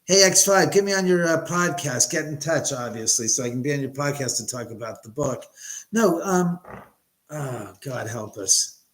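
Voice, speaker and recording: A man hosting a casual live stream from his home, loud, joking and profane as he reads out chat comments. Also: mid-range voice, lively intonation, moderate pace, low-quality recording.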